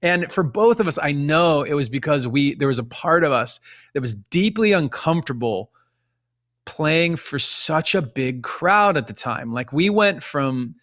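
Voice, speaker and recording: Rambling man, slightly high voice. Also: expressive, measured pace, fairly bright tone. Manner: rambling, many restarts and fillers. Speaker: musician guest. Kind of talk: casual interview chat.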